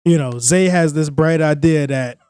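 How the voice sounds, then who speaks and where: A man's voice: fairly high pitch, normal speed, darkish tone, clear, resonant tone, no echo. A man, co-hosting a podcast, telling a story in a laid-back, slangy way and often chuckling. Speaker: podcast co-host. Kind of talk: casual comedic storytelling.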